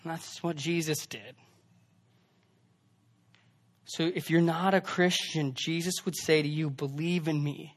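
A young male pastor with a high voice preaches to his congregation in a casual, talky sermon. He swings from loud, emphatic lines to quiet, hushed asides. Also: steady tone, moderate pace.

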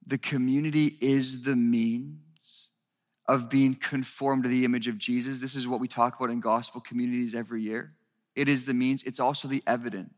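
A man's voice: medium pitch, steady tone, moderate pace. A man preaching a sermon to his church, earnest and rising to raised intensity as he speaks. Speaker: pastor. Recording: reverberant hall.

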